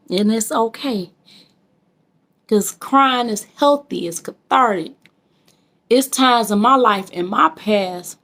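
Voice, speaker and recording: A woman's voice: mid-range voice, a bit bright. A woman from Michigan, talking to her viewers in a heartfelt, emotional, preachy way. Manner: emotional, preachy, addresses viewers as kings and queens. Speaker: vlogger. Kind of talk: casual heartfelt vlog talk.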